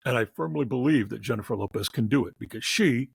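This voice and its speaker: A man co-hosting a casual movie review chat, animated and laughing as he acts out scenes. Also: mid-range voice, fast talker, creaky, slightly rough, no echo. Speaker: film critic co-host.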